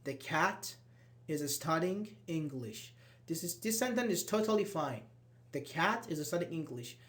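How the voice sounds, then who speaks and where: Fairly high-voiced man teaching grammar. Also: animated, a little slow, fairly bright tone. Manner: explains step by step, repeating examples. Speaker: English teacher. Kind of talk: live online grammar class.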